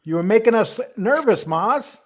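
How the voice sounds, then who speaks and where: A man's voice: high-pitched, expressive, moderate pace. A man hosting a live stream in a casual, chatty way, greeting viewers by name one after another. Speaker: host of a live stream show.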